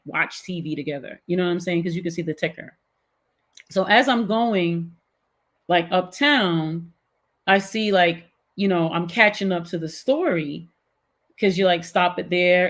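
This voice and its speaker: Middle-aged woman telling a story animatedly. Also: lowish voice. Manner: animated, filler-heavy retelling. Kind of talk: casual storytelling.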